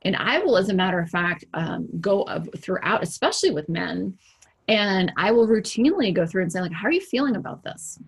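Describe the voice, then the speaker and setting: A woman executive coach giving a motivational talk to camera, animated and conversational, asking rhetorical questions and acting out quoted remarks. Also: mid-range voice, brisk, breathy edge. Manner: acts out quoted remarks in livelier voices.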